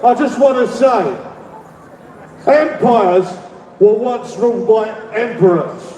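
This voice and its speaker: A middle-aged man with a London accent giving a rambling rally speech as an activist, shouting demands and leading the crowd in call-and-response. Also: sits high, lively intonation, slow. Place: public rally. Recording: echoey, distant, with crowd noise. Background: faint crowd and ambient noise.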